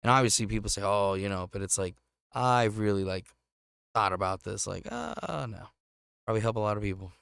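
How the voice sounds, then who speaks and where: A man's voice: fairly low pitch, animated, a little fast, vocal fry, a bit bright, clean tone, no echo, clean studio sound. A young man from Missouri co-hosting a podcast, chatting casually and cursing as he tells stories. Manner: profane, storytelling with acted quotes. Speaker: podcast co-host. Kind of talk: casual chat.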